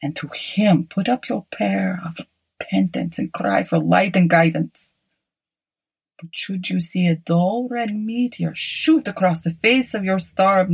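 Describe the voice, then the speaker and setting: Woman reading ominous old man prophet, grave, slow, husky low voice, storybook. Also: exaggerated voice. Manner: solemn, warning, slow and grave.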